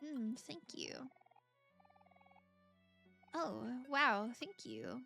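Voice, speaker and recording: A woman's voice: sits high, lively intonation, slow pace, long pauses, a bit bright, soft background music. A young woman streaming a game, chatting casually with viewers, gushing and giggling often. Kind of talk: casual gameplay chat, reacting to viewers.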